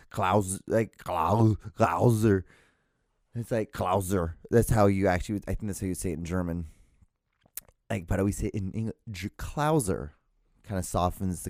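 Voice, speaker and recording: A man's voice: low voice, darkish tone, no echo, studio quality. A man hosting a solo podcast, rambling casually with lots of swearing, restarts and self-mocking laughs. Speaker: podcast host.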